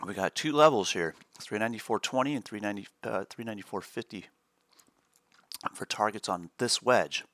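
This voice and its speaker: A man's voice: on the low side, a little fast, fairly bright tone, no echo, studio quality. A man co-hosting a live day trading stream, chatting casually and chuckling as he explains chart setups.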